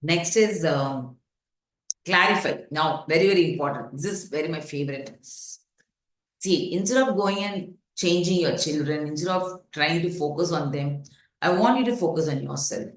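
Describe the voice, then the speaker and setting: A woman's voice: low-pitched, moderate pace. A woman parenting coach leading a workshop, talking in an earnest, instructive way with many fillers, self-corrections and questions like "got it?". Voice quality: frequent fillers and self-corrections, rhetorical check-ins. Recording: echoey room.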